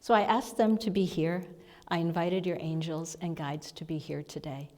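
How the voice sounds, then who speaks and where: Low-voiced woman minister in reverberant hall. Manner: soft, halting storytelling with breathy asides and laughs. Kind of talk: conversational sermon lesson. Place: church hall, seated before the congregation. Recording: long reverb of a large hall.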